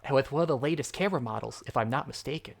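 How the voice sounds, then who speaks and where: A man's voice: medium pitch, racing, creaky. A man streaming a game, reading its narration aloud in first person and bantering with friends. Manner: reads the game text aloud in first person, laughing between lines. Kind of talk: casual let's-play reading and banter.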